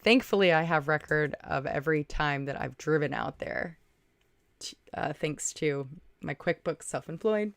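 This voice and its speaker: A woman's voice: low voice, normal speed, vocal fry, no room sound. A woman hosting a casual livestream, chatting, thinking aloud and thanking viewers by name. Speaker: livestream host. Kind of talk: casual livestream chat reading viewer comments.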